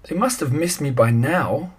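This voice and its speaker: A man's voice: on the high side, lively intonation, a little slow, husky, pitched above the performer's own voice, exaggerated voice. A man voicing a frightened but determined boy of nearly ten in a read-aloud storybook, crying out for help. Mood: anxious, determined.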